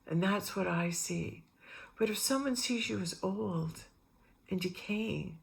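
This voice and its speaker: Her voice is mid-range with vocal fry and a measured pace. This middle-aged spiritual vlogger rambles through personal anecdotes, bringing the people in them to life through animated quoted voices.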